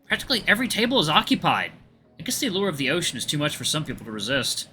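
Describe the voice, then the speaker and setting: A man narrates a visual novel aloud as a let's play host, breaking off for chatty asides. His voice is very bright and moves a lot in pitch. Faint game music runs underneath. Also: huge pitch swings, racing.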